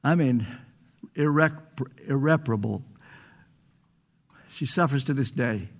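A man's voice: mid-range voice, slow pace. An older man preaching a sermon, earnest and pleading, stretching out phrases for emphasis.

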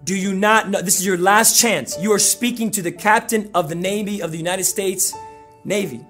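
A proud navy captain shouts his orders, put on by a man in a sermon. The voice sits high and presses hard on every demand. Faint instrumental music plays underneath. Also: rapid-fire. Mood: irritated.

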